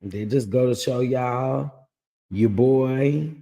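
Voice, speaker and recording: A man's voice: mid-range voice, slow pace, warm tone, in a large hall. A man with a scratchy voice, casually hosting a livestream and chatting with viewers by name. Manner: greets viewers by name, drawls "child" and "y'all". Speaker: livestream host recapping a reality show.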